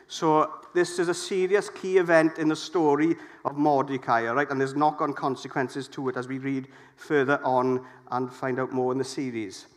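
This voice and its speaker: A middle-aged man preaching a sermon, lively and jokey, putting questions to the congregation. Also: mid-range voice, normal speed, hardly any pauses.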